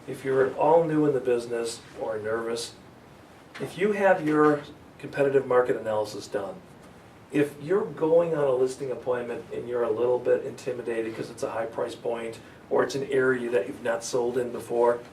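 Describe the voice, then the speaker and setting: A man teaching sales in a live seminar, energetic and coaching, asking his audience questions. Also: mid-range voice. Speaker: sales trainer. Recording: echoey room, far from mic, faint hiss.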